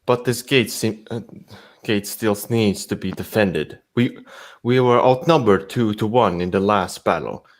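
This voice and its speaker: A man reading the part of a hesitant, dutiful young prince in a halting, unpolished way, in a fanfic read-aloud. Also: lowish voice, natural voice.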